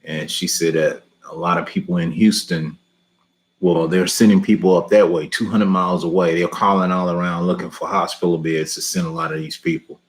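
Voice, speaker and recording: A man's voice: low-pitched, little pitch movement, a little fast. A man hosting a live lawn care question and answer stream, chatting easily, chuckling often and repeating himself.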